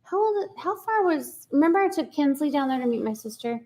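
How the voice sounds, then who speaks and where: A chatty woman in her forties hosts a relaxed live stream. Her voice sits a little high, and she keeps laughing as she reads out viewer comments. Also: brisk. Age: 40s. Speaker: livestream host. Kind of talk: casual live chat.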